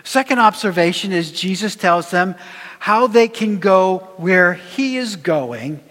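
A man preaching a sermon in a measured, emphatic way, his voice dropping low at the ends of phrases. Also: animated, a bit bright. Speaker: pastor. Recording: long reverb of a church hall.

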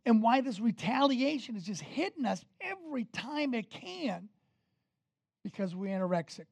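A man's voice: very high voice, big pitch swings, moderate pace, creaky, slightly rough, no room sound. A man preaching a sermon, emphatic and direct, asking the congregation questions as he goes. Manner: emphatic, rises and falls in loudness, talks straight to the congregation.

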